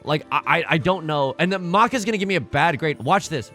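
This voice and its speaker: A man's voice: on the high side, lively intonation, brisk, few pauses, pushed and bright, faint music behind. A man hosting a let's play, talking through his game in an exasperated, stammering, self-mocking way. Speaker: gaming channel host.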